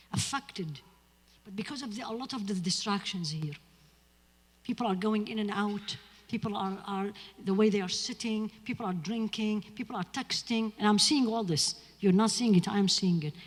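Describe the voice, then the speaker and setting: A woman with a giving an earnest, emphatic lecture on spirituality in a mosque, talking straight to her audience. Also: medium pitch. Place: mosque hall. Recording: husky voice in a reverberant hall.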